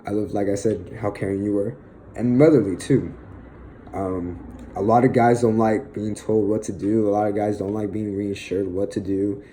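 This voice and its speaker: Young man, low and mellow, halting emotional monologue, near tears, faint background hiss. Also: steady tone, low-quality recording. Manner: halting, with frequent fillers and sighs. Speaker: vlogger.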